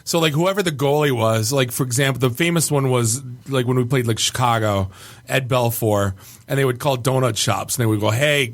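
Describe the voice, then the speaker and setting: A man on a casual podcast, telling old stories in an excited, nostalgic way. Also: medium pitch, a little fast.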